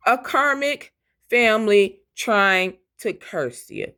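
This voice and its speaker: A woman's voice: medium pitch, animated, measured pace. Blunt, profane woman reading tarot. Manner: blunt, profane, fiery and defiant. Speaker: tarot reader.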